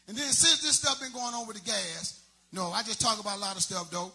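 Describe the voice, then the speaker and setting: A man's voice: sits high, normal speed, pushed and bright, soft background music. A man doing a stand-up comedy set, telling loose, rambling stories full of street slang.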